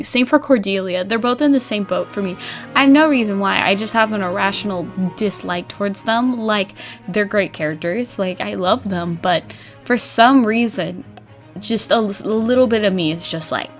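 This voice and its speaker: A young woman vlogger chatting casually about a game, bubbly and animated, laughing often and acting out her old reactions. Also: mid-range voice, normal speed, soft background music. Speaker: gaming vlogger. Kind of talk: casual chat.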